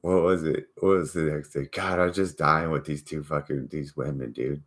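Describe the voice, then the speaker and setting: A man's voice: a bass voice, fairly even intonation, moderate pace. A man hosting his own channel, telling a story in a loose, profane, mocking rant. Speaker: channel host. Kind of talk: casual rant to camera.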